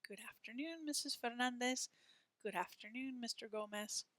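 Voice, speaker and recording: A woman teaching a Spanish lesson, explaining words and leading repeat-after-me drills with slow, careful pronunciation. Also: fairly high pitch, fairly bright tone, no echo.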